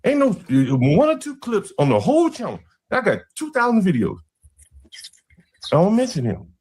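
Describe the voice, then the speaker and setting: A man's voice: huge pitch swings, normal speed, a little mellow, breathy edge. A man on a live stream arguing heatedly and calling people out. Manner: confrontational, swings between high and low pitch. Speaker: stream guest.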